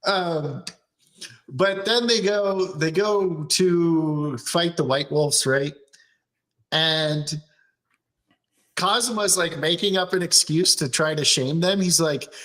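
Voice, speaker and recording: Guy hosting a chat show, kinda high voice, laughs a lot, swears, does the characters' lines loud. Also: measured pace. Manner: swearing, laughing, acting out quotes in a raised voice. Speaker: show host. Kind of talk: casual anime recap chat.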